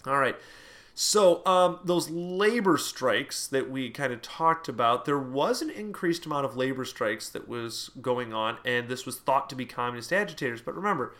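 A man's voice: mid-range voice, expressive, normal speed, fairly bright tone. A man teaching a history lesson in a conversational way, with fillers and playful asides. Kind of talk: classroom history lecture.

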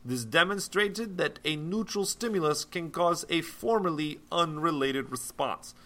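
A stiff, deliberate textbook reading, as a man puts it on. The voice sits higher than usual and sounds bright. The phrasing is formal and recited. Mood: reciting. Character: man reading a textbook in a mock Russian accent.

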